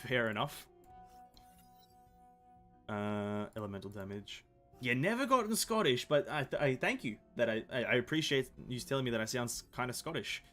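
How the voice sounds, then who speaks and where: A man's voice: mid-range voice, normal speed, fairly bright tone, faint music behind. A man with an Australian accent giving casual, rambling gameplay commentary full of fillers and self-corrections. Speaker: gaming video host.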